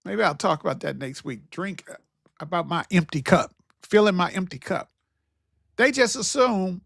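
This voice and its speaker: A man's voice: high voice, lively intonation, normal speed, gravelly, fairly bright tone, dry recording, studio quality. A man hosting his own talk show, speaking in a casual, preachy monologue that repeats its key phrases. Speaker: podcast host.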